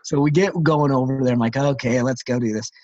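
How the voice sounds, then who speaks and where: A middle-aged man of middle pitch co-hosts a casual podcast and spins an animated story full of fillers and restarts. His voice sits dry and close, with a slightly dull, lo-fi tone. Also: brisk, no room sound. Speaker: podcast co-host.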